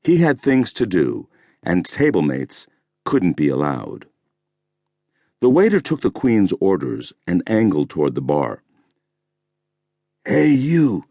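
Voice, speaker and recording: Man, audiobook narrator, deep voice, unhurried, measured thriller reading, dry booth sound. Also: huge pitch swings, gravelly, warm tone, dry recording. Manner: measured, deliberate storytelling.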